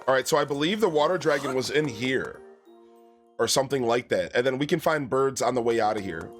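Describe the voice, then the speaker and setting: A man's voice: medium pitch, expressive, fairly quick, soft background music. A young man streaming a video game, chatting in a rambling, casual way and greeting viewers. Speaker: gaming streamer. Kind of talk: let's play commentary.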